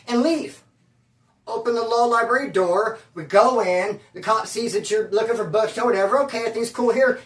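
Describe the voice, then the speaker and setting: A man's voice: high-pitched, a bit bright. A man telling a prison story in a loose, slangy way, acting out the people he quotes. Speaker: storyteller recounting prison life. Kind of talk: casual spoken storytelling. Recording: echoey room, voice from a distance.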